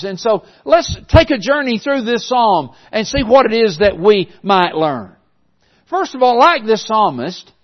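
High-voiced male preacher, dull lo-fi sound. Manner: earnest and measured, with occasional restarts. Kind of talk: sermon with scripture reading. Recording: dull lo-fi recording.

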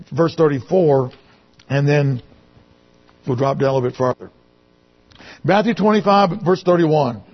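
A man preaching a sermon who reads scripture aloud, repeats phrases and presses his points with rhetorical questions. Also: fairly high pitch. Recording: dull lo-fi recording.

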